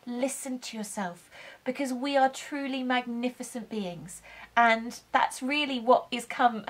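Earnest woman with a higher voice. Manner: earnest, gentle, spiritual. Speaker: vlogger telling her birth story. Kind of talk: heartfelt personal storytelling.

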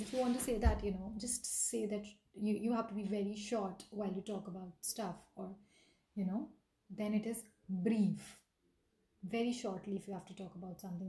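A woman's voice: medium pitch, mellow, echoey room, low-quality recording. A woman giving a casual vocabulary lesson, explaining with repeated examples and slipping in Hindi phrases. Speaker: English vocabulary teacher.

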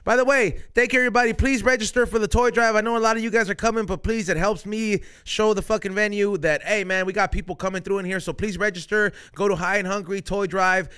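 A man's voice: sits high, steady tone, quick pace, few pauses, fairly bright tone, clean tone. A young man hosting a podcast, telling a loose, profane story in casual chat, full of slang and dropping Spanish phrases. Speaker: podcast host.

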